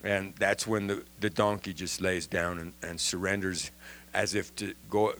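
Animated man teaching the Bible. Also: sits low, unhurried. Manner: animated, restarts and repeats words.

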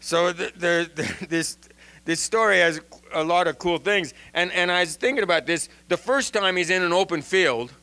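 A man giving an informal Bible lesson in an animated way, often restarting and repeating words. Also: high voice, normal speed. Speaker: Bible teacher.

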